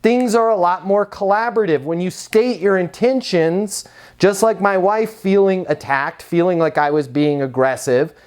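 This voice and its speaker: A man giving a conversational sales coaching talk and pitch, asking rhetorical questions along the way. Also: moderate pace, a little mellow, smooth. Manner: conversational, asks rhetorical questions, acts out quotes.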